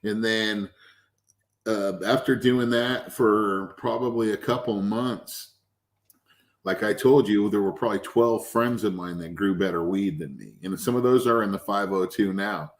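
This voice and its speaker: A man who is the guest, a cannabis extract maker, telling casual stories with lively anecdotes and acting out the people he quotes. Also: on the low side, measured pace. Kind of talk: casual storytelling.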